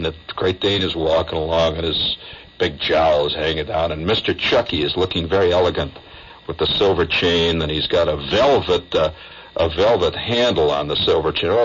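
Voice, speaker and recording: A man's voice: sits low, moderate pace, husky. A man telling a rambling, wry comic story as a radio host. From United States. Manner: rambling, conversational, wry, full of asides. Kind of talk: improvised comic storytelling monologue. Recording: dull lo-fi 1970s AM radio aircheck.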